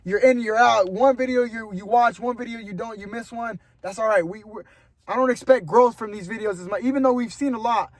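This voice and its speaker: A man's voice: very high-pitched, a little fast, no room sound. A young man vlogging casually to the camera, earnest and rambling, giving motivational talk and calling his viewers "bro". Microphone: camera mic.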